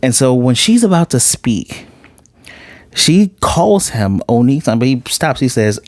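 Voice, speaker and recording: A man's voice: medium pitch, expressive, moderate pace, no room sound. Guy doing a heartfelt anime episode review, chatty, swears a bit, dry close sound. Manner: heartfelt, conversational, swears casually. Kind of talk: casual spoken episode review.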